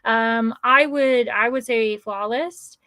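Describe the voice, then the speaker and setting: A woman's voice: fairly high pitch, slow pace, bright, forceful tone, no room sound. An American woman hosting a casual book livestream, chatting and rambling as she reads out viewer comments. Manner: chatty, rambling, many fillers. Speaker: livestream host.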